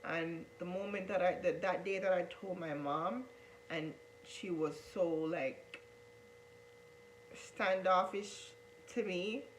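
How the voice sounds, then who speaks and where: A woman recounts her story straight to the camera in an earnest, repetitive way, often turning to her viewers as guys. Her voice sits on the low side. A faint hum runs under the recording. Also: slow, rough recording. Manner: earnest, repeats herself, addresses viewers as guys. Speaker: vlogger telling her coming-out story.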